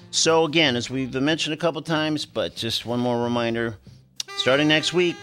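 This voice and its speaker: A man hosting a radio talk show in a studio, lively and hesitant with many fillers. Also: medium pitch.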